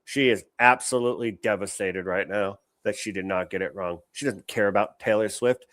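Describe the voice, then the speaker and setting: A man's voice: fairly low pitch, normal speed, few pauses, fairly bright tone, no room sound, clean studio sound. A man hosting a political commentary livestream, brash and mocking, swearing freely. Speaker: show host.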